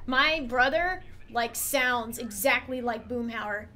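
A woman's voice: fairly high pitch, slow, bright, forceful tone. A young woman from Texas chatting casually and crudely while streaming a game.

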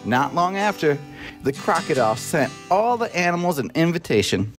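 A man reading a children's storybook aloud with a very animated, sing-song delivery. His voice sits a little high and rises and falls widely. Soft music plays underneath. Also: normal speed. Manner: lively and animated, voicing many animals. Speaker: storybook narrator. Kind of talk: expressive read-aloud for children.

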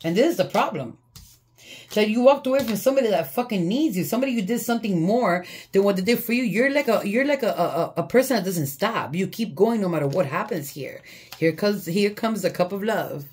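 A woman's voice: mid-range voice, lively intonation, fairly quick, a little mellow, breathy edge. A woman giving a casual tarot reading, blunt and profane, often breaking into laughter. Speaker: tarot reader. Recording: faint background noise.

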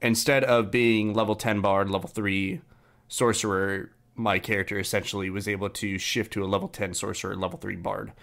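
This podcast host, a young man, tells a rambling, filler-packed story about his tabletop game character in a casual chat. He speaks at normal speed in a lowish, steady voice that is a bit bright and has some vocal fry.

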